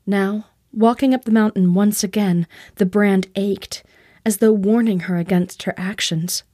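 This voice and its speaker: A woman narrating a fantasy audiobook in a steady, even storytelling voice. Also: medium pitch, measured pace, no echo, clean studio sound.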